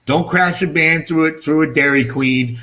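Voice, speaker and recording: Man, middle-aged, high voice, rambling self-mocking chat, toothless lisp, casual swearing. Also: moderate pace, sharp tone, slight background noise. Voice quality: speech affected by missing front teeth. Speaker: fish-keeping channel host.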